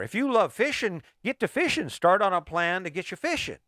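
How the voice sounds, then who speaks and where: A man's voice: sits high, very animated, brisk, hardly any pauses, bright, forceful tone, dry recording, clean studio sound. A middle-aged man hosting a motivational podcast, talking emphatically and firing off repeated rhetorical questions. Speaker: podcast host.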